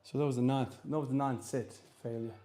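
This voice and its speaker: Between sets at the gym, this streamer and lifter from South Australia talks loosely to his livestream viewers, wandering through their questions in an easygoing manner. His accent is Australian, his pitch is medium, and he speaks a little fast.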